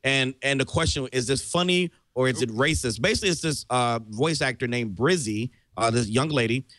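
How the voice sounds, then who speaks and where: A man co-hosting a casual panel chat, lively and quick to react. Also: mid-range voice, no echo. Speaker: co-host.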